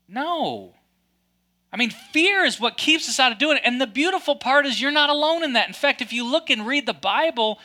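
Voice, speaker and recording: A man preaching a sermon with a high voice that is bright and sharp. He talks to his congregation in a loose, chatty way and drops in playful asides. The energy stays lively throughout. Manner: lively, conversational, joking asides. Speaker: pastor.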